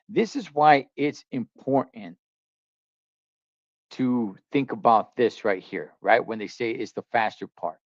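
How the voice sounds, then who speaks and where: A man's voice: mid-range voice, a little mellow, dry recording, highs cut off. A man, talking in a blunt, slangy, skeptical way as a trucker streamer reacting to a video. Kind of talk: casual reaction commentary.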